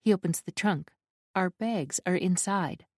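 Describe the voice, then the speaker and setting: A woman narrating a first-person romance audiobook in an even, measured reading. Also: on the low side, dry recording, studio quality.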